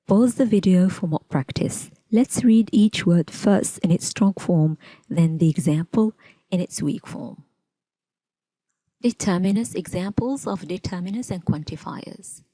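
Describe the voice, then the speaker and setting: Speaking slowly and deliberately, a woman walks through a scripted English pronunciation lesson and carefully enunciates each example word. Her voice sits on the low side with a dark tone and a breathy edge, and there's no echo.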